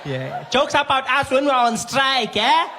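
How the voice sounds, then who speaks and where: A man voicing a gruff, mocking hospital check-in woman, loud and taunting, drawing out every "eh?". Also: very high voice, sing-song, unhurried, pitched above the performer's own voice, exaggerated voice. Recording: live club recording with audience noise.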